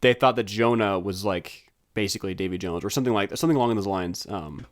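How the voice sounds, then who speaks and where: A man's voice: fairly low pitch, fast talker. A man running a tabletop game as game master, narrating scenes in a laid-back, chuckling way.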